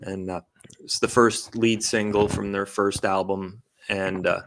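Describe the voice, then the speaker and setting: A man's voice: lowish voice, little pitch movement, a little slow, a bit bright. A man on a podcast panel in casual chat, matter-of-fact with dry jokes.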